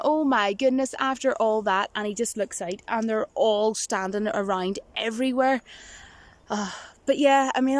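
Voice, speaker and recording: A woman vlogger chatting casually to camera, rambling and giggling, with a touch of self-mocking nerves. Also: a little high. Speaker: movie vlogger.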